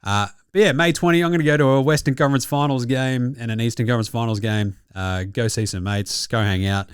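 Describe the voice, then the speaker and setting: A man's voice: medium pitch, fairly even intonation, fairly quick, clear, resonant tone, dry recording, clean studio sound. A man with an Australian accent hosting a basketball podcast, delivering a profane, mocking comic rant and laughing at his own jokes. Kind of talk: sweary comic sports rant.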